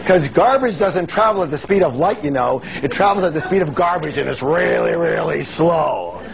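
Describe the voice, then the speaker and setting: A man giving a lively motivational seminar talk, calling on the audience to answer and acting out the voices he quotes. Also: sits high, fairly quick, a crowd in the background, rough recording. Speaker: seminar speaker. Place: large seminar hall with an audience.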